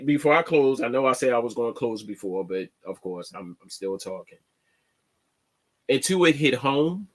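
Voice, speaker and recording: Man, unhurried and plainspoken, stumbles and restarts as he talks his opinion on his show. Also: mid-range voice, fairly bright tone. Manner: halting, repeats words and restarts often; plainspoken, slangy. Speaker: online show host. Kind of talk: casual commentary monologue.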